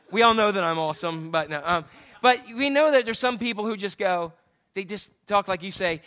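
High, bright-voiced joking preacher man. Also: brisk. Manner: joking, conversational preaching with asides to the congregation. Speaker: pastor. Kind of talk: sermon. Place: church sanctuary.

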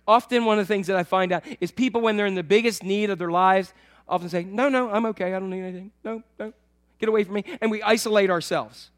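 A man preaching a sermon to his church, swinging between loud emphatic lines and soft, low asides. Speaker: pastor.

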